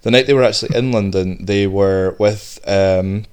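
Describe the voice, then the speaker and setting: Lower-pitched man, rambling storyteller. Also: normal speed, clean tone. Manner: animated, rambling storyteller with restarts. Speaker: podcast host. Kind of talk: casual chat.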